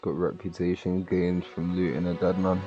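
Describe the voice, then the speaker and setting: A man's voice: sits low, monotone, moderate pace, muffled recording. A man commentating on his game livestream, laid-back with laughing reactions. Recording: game music behind.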